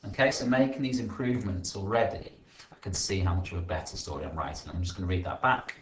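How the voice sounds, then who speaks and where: A man's voice: low-pitched, steady tone, fast. A man teaching a writing lesson, talking through his edits as he types and correcting himself as he goes. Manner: thinks aloud while typing, rephrasing and correcting himself. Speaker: primary school teacher. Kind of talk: screen-recorded writing lesson, thinking aloud. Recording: echoey room with faint hiss and keyboard clicks.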